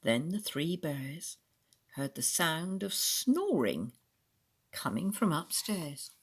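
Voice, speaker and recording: A woman reading a children's story aloud in an expressive storytelling manner. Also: low-pitched, slow, slightly rough.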